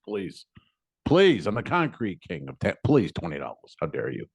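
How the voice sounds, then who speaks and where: Boastful tipsy old braggart, grandiose, lively pitch; a man quotes him in a story. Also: normal speed, breathy edge, dry recording, clean studio sound, exaggerated voice.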